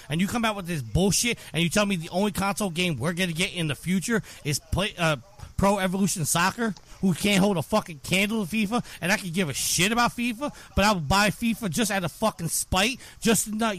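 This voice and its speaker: A man's voice: high voice, a bit bright. A man on a podcast delivering a furious, profane rant with heavy emphasis. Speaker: podcast co-host.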